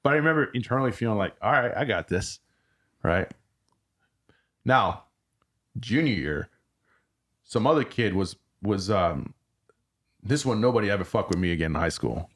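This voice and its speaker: Male podcast guest, army veteran, lowish voice, halting and reflective. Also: animated, a bit bright. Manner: halting, restarts often. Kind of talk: casual conversation.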